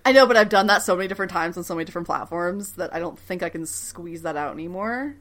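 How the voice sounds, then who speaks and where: Excitable woman podcast co-host. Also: lowish voice, quick pace. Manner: excitable, laughs often, swears casually. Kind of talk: casual podcast chat.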